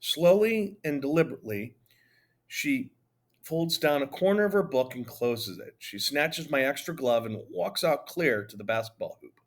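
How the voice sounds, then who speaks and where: A man narrating a children's novel in the first person, easy and conversational. His voice sits in a middling pitch and carries the story along with a lively touch. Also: moderate pace. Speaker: audiobook narrator.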